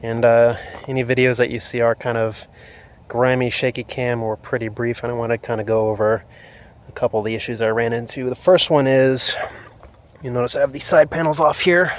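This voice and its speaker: A man's voice: mid-range voice, flat delivery, fairly quick. A man filming a casual how-to walkthrough outdoors next to his motorcycle on his phone, a little out of breath from the heat and talking with many fillers. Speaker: motorcycle vlogger. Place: outdoors beside a motorcycle in hot weather. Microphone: phone camera.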